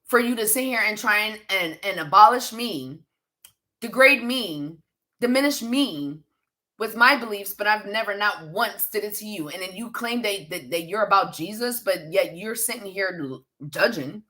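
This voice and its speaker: A woman's voice: mid-range voice, lively intonation, moderate pace, sharp tone. A woman from Pennsylvania hosting a livestream as a psychic reader, chatting casually and bluntly, swearing and laughing often as she answers viewer comments. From Pennsylvania, USA.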